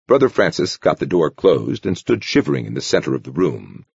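Male narrator, gravelly and husky, expressive reading. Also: low voice, fairly quick, no echo, muffled recording. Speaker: audiobook narrator. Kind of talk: scripted narration.

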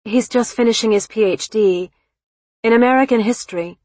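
A woman voicing an eager young college woman who talks in a bright, hurried way, with a husky voice. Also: fairly high pitch, dry recording, pitched above the performer's own voice, lightly acted.

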